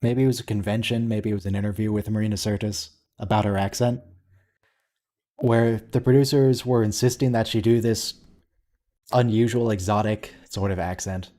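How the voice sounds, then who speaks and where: A man with a mellow, relaxed voice comments casually during a watch-along. He muses aloud, often restarting his sentences mid-thought, in an easygoing conversational way. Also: fairly low pitch, normal speed.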